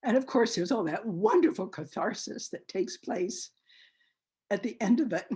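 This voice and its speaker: An older woman with a husky, slightly breathy voice recalls her past for an oral history. Her pitch rises and falls a great deal as she gets swept up in her memories, and she pauses and restarts often. The talk is unscripted and personal. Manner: animated and expressive, often hesitant with fillers.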